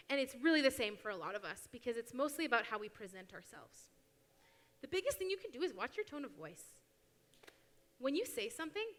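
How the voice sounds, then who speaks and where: A young woman gives a casual, lively church talk and acts out little quotes as she goes. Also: a little high. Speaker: youth speaker at church. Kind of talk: sermon talk. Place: church hall. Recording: long hall reverb.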